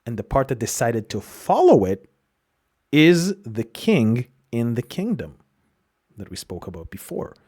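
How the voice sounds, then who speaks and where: Husky-voiced man hosting a reflective podcast. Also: medium pitch, sing-song, unhurried, a little mellow. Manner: reflective, explanatory, with frequent restarts. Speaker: podcast host. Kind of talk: solo podcast monologue.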